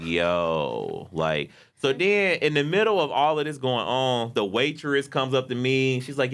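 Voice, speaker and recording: A young man hosting a casual chat, telling a story with lively acted-out voices. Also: medium pitch, a little slow. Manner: animated storyteller, acts out voices.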